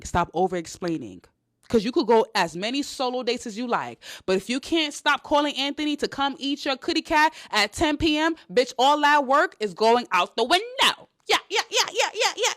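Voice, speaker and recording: Brief: young New woman, blunt and animated, swears freely, dry close sound. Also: medium pitch, no room sound. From New York. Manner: blunt, animated, profane, mimics others. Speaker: host. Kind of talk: casual livestream talk.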